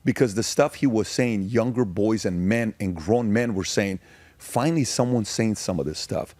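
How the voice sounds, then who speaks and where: Middle-aged man, low voice, dry close sound, animated storyteller who acts out quotes. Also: moderate pace, dry recording. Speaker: guest. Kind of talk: casual conversation.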